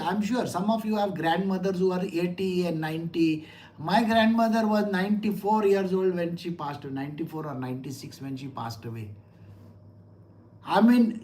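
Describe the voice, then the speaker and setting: A middle-aged teacher explains scripture in an easy, conversational way. The voice sits at a medium pitch. The teacher keeps asking the listeners questions and tells stories from home. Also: moderate pace. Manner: conversational, asks listeners rhetorical questions and tells personal anecdotes. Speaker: spiritual teacher. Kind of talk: scripture lecture.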